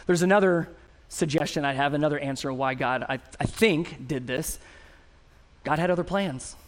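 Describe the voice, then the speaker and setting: A middle-aged male pastor preaches a sermon in a light voice that sits high, keeping a moderate pace. His storytelling is animated and self-mocking, shifting from quiet reflection to excited outbursts.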